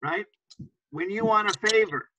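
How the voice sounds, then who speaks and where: A man's voice: high voice, measured pace, bright, forceful tone, slight background noise, rough recording. A man teaching an English class to students, patiently repeating example phrases and often checking understanding with "right?".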